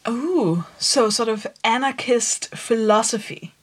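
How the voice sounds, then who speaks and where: A woman's voice: a little high, expressive, takes it slowly, slightly rough. A woman co-hosting a podcast, playful and joking, thinking aloud in casual chat. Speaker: podcast co-host.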